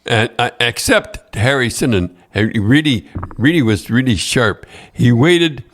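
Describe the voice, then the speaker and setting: An older man spins loose, stop-start stories in casual conversation. He keeps restarting his sentences and breaks into chuckles. His voice sits at an ordinary middle pitch. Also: animated, fairly bright tone. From Canada. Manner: rambling, halting storyteller who laughs often and repeats words. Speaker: co-host telling stories. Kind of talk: casual podcast chat.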